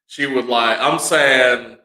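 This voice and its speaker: A man's voice: medium pitch, fairly even intonation, sharp tone, echoey room, low-quality recording. A man co-hosting a podcast, telling crude stories and jokes in casual chat. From California. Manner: crude, joking, drawn-out storytelling. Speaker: podcast co-host.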